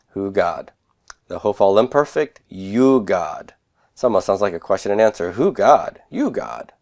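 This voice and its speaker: A middle-aged man gives a grammar lecture in a slightly low voice. He talks slowly and methodically and sounds out each word syllable by syllable. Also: a little mellow. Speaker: Hebrew grammar teacher. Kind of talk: recorded classroom lecture.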